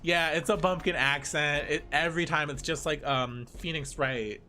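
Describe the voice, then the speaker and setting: A man's voice: fairly high pitch, fairly even intonation, moderate pace, few pauses, pushed and bright, a little hiss or hum. Amused rambling male streamer. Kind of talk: live-stream game reading commentary.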